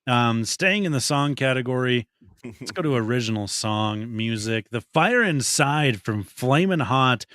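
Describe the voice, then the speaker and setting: A man's voice: medium pitch, lively intonation, measured pace, fairly bright tone. A man hosting a casual movie podcast, reading out nominees and leading the talk. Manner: leads the segment, reads out nominees. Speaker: podcast host. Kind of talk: casual chat.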